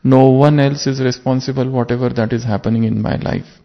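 A man delivers a spiritual sermon, his voice rough with gravel. He speaks earnestly, turning his points into rhetorical questions for his listeners. The recording sounds dull and lo-fi. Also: medium pitch, fairly even intonation, brisk. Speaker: spiritual teacher. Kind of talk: sermon with parable. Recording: muffled lo-fi recording.

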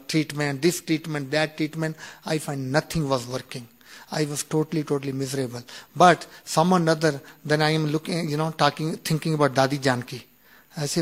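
A man in his fifties telling a personal story, halting and full of restarts, acting out the quoted dialogue. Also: fairly high pitch. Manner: animated retelling with acted-out quoted dialogue; halting, with many restarts and "you know". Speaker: speaker sharing a personal story.

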